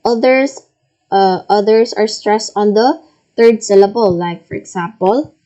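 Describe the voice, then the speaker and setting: Her voice is mid-range, steady and mellow, captured in a low-quality recording. The woman is teaching a recorded reading lesson, slowly and patiently reading word lists, checking answers, and repeating and modeling each word.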